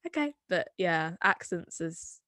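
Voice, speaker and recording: A Somerset woman in her twenties, a singer-songwriter, rambles through a casual conversation as a guest, leaning heavily on fillers. Her mid-range voice is fairly bright and moves at normal speed. The sound is clean studio quality with no room sound.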